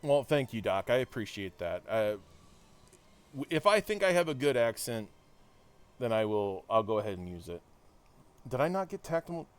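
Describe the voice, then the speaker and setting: A man's voice: mid-range voice, big pitch swings, moderate pace, pauses often, clean tone. A man streaming a video game, chatting casually with viewers and poking fun at himself. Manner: chatty, self-deprecating, talks to chat. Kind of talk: casual live-stream chat while gaming.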